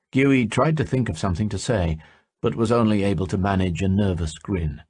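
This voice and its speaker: A man narrating a fantasy audiobook in a steady storytelling manner. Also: fairly low pitch, brisk, breathy edge, dry recording. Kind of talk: scripted narration.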